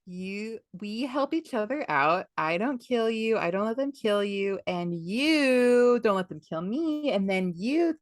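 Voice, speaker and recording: A woman's voice: medium pitch, expressive, measured pace, hardly any pauses, no room sound, clean studio sound, close to an everyday voice. Woman doing a wheedling pirate captain. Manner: wheedling, persuasive. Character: scheming pirate captain man, smooth-talking.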